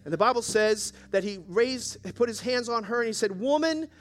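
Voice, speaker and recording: A man's voice: high-pitched, normal speed, fairly bright tone, faint music behind. A male pastor preaching a sermon at a church service, exhorting the congregation and calling for their responses. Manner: exhorting, calls for audience response.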